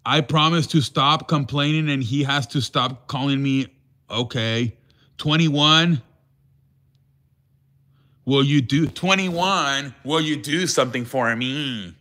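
A man hosts a loose live chat with callers, joking around and acting mock-offended. He talks slowly. His voice is bright, and he drops Spanish words into his English. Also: mid-range voice. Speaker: show host.

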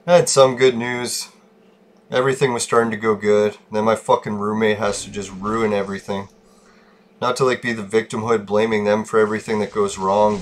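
A man hosting his gaming channel, venting with frustration in a casual, profanity-heavy rant. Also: lowish voice. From Canada.

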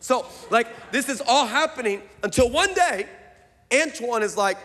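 Male pastor, high voice, lively comic sermon storyteller, big hall reverb. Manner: animated, fast, bursts into excited shouts.

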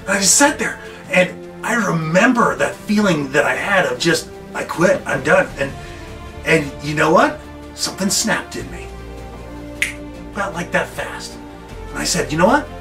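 A man's voice: a little high, animated, unhurried, long pauses, pushed and bright, recorded from a distance, faint music behind. A middle-aged man, a school coach, telling students a story from his own life and acting out his reactions with big swings. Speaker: school coach giving a morning talk.

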